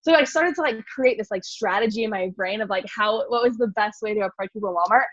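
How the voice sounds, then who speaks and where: A woman telling a story to a group in a casual, animated way, full of fillers like "like". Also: medium pitch, fast, no room sound. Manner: animated, filler-heavy, lots of "like". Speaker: speaker at a mindset meeting. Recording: dry, dull lo-fi sound.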